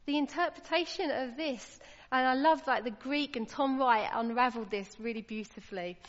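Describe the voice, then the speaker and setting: A woman's voice: high-pitched, moderate pace, fairly bright tone. A woman preaching a sermon, earnest and emphatic, her voice rising when she stresses a point. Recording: lo-fi with long hall reverb.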